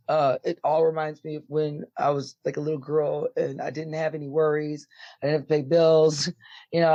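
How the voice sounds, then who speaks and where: Guest voice: husky, deep-voiced woman, rambly and filler-heavy, dull dry lo-fi audio. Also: dark tone, dry recording. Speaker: musician guest. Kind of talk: casual interview talk.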